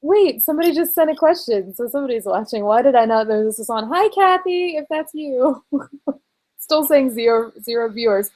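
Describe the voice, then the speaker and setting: A woman's voice: high-pitched, lively intonation, moderate pace, darkish tone, poor audio. A woman vlogger chatting casually on a live video call, rambling and laughing often. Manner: giggly, rambling, lots of likes. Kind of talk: casual live-stream chat.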